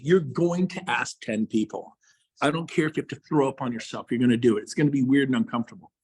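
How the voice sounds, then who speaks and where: A middle-aged man with a husky, slightly breathy voice at an ordinary male pitch delivers a fired-up motivational talk to fellow realtors. He hammers his points with repeated phrases, and his voice leaps higher and louder whenever he pushes hardest. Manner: passionate, emphatic, repeats phrases, big swings in pitch and loudness.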